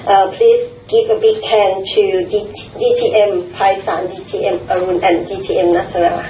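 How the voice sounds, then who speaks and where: A woman's voice: mid-range voice, flat delivery, normal speed, far from the mic, noisy background. A woman chairing a speaking club meeting, polite and hesitant. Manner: polite and hesitant, with many ums. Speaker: toastmaster of the day. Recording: echoey room, picked up from afar.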